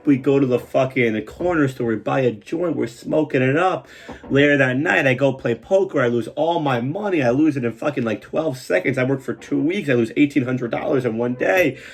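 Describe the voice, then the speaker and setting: A man telling a comic story about an old job, swearing a lot and acting out what people said in a raised, excited voice. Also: moderate pace, vocal fry. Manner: animated, swears a lot, acts out quotes in a higher voice. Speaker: comedian host telling a story. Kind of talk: profane comedic storytelling.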